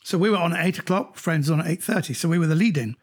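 A middle-aged man, a comedian, recounting anecdotes in an animated way during an interview. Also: quick pace, slightly rough. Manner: animated anecdotes, jumps higher when quoting others. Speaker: comedian guest. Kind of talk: storytelling in an interview.

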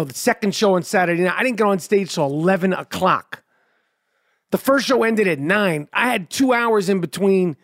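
A man's voice: sits high, no room sound, clean studio sound. A man hosting his podcast, a stand-up comedian telling loose, profane stories full of fillers and restarts. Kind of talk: casual rambling monologue.

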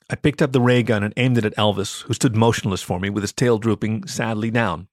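A man reading an adult story aloud as its narrator, in an expressive, animated way. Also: on the low side, a little fast, few pauses, no echo, clean studio sound. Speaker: story reader.

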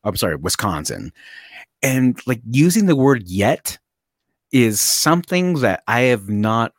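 A man co-hosting a casual podcast who rambles, restarts and leans heavily on fillers. His voice sits at a middle pitch. It is recorded close and dry, with no room sound. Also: very animated, measured pace, no echo. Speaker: podcast co-host. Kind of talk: casual chat.

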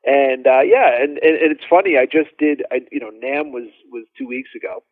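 A male drummer telling animated stories as a podcast guest, with lots of fillers and restarts. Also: mid-range voice, brisk, dry recording. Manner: animated, laughing storyteller, many fillers. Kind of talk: casual storytelling interview. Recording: dry phone-like line.

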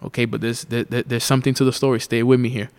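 Male motivational speaker with a middle-pitched voice, casual and filler-heavy, slows down to stress the lesson. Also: little pitch movement, darkish tone, clean tone. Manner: addresses the listener as "you", many fillers, repeats key lines slowly. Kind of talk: motivational storytelling.

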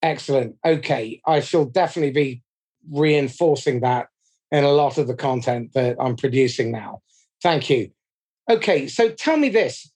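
A man hosting a podcast interview, speaking in a measured, reflective way as he sums up points. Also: medium pitch, expressive, darkish tone, breathy edge. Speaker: podcast host.

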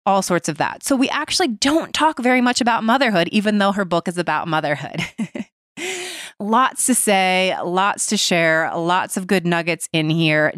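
A woman's voice: fairly low pitch, fairly bright tone, clear, resonant tone, dry recording, clean studio sound. A woman in her thirties hosting a podcast, talking animatedly and openly, with swearing and laughter. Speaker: podcast host. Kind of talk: casual chat.

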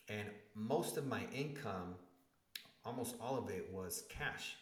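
A man with a very low voice speaks as a podcast guest and tells a personal story with feeling. He acts out the people in it, and the room gives his voice a noticeable echo. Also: a little slow. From Spanish-speaking family. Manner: animated storyteller, acts out quotes with rising emotion. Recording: echoey room.

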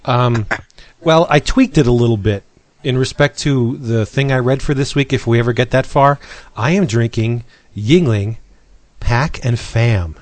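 Animated man telling a story. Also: mid-range voice, no room sound. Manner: animated storyteller, quick to laugh. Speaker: podcast co-host. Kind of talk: casual chat.

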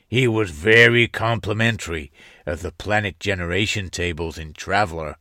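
A man's voice: low voice, moderate pace, sharp tone, no room sound, studio quality. A man reading out a listener's letter in a put-on, over-the-top Brooklyn accent that drifts off course. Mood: earnest.

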